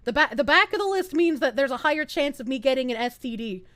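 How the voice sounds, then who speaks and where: High-pitched, lively young Southern woman streamer, bursts of laughter, casual swearing, dry close sound. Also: quick pace, no room sound. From American South. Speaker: VTuber streamer. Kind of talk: casual stream chat, reading chat aloud.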